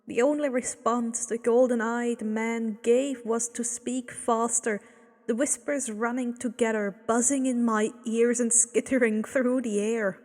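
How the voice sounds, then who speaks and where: A woman reads a fanfiction story aloud, slow and measured, her voice sitting fairly high. A long reverb hangs around each phrase. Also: fairly even intonation, darkish tone. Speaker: fanfiction reader.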